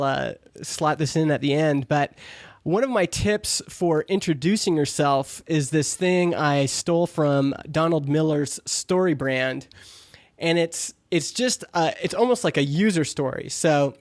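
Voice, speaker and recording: A man's voice: fairly high pitch, no echo, studio quality. Upbeat man hosting a podcast. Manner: chatty, upbeat, acts out quoted exchanges. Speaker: podcast host. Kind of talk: casual podcast chat.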